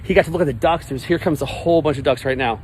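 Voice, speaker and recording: A man's voice: fairly high pitch, racing. A man in his forties, a life coach, talking to camera outdoors by a pond in a blunt, emphatic, repetitive way, with some swearing. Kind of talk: motivational vlog monologue. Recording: outdoor traffic noise.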